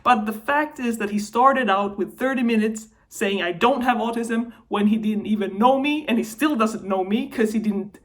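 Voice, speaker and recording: A woman's voice: fairly high pitch, moderate pace, few pauses. A young woman in a personal vlog, talking to camera while upset and venting, her voice wavering between anger and tears. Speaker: vlogger.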